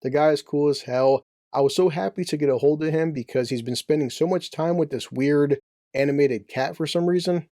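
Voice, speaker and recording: A man's voice: a little high, a little fast, dark tone, dry recording, studio quality. Brash joking man reviewing a movie. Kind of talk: casual comedic review.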